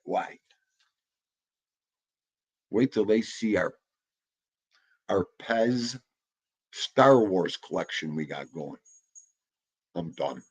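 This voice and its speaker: A man's voice: low voice, lively intonation, very slow, long pauses, breathy edge, dull audio. A man, chatting casually and jokingly in a rambling way while talking to his dog. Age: 50s. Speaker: vlogger. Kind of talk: casual chat.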